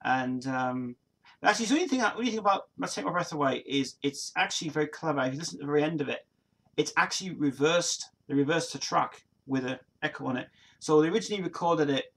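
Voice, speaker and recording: On his livestream, a Nottingham man in his 40s casually reads out viewer comments in an East Midlands accent. His fairly high, fairly bright voice moves at a quick pace as he rambles, restarts often, fills pauses and laughs frequently.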